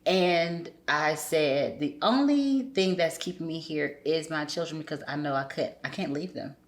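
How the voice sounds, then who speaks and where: A woman's voice: low voice, normal speed. A woman speaking candidly as a podcast guest, telling a personal story and acting out remembered dialogue in shifting voices.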